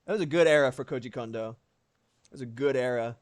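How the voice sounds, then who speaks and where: Fast-rambling, profane young man streaming. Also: medium pitch, dry recording, clean studio sound. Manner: animated, profane, rambling with many fillers. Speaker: livestreamer. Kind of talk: casual chat while drawing.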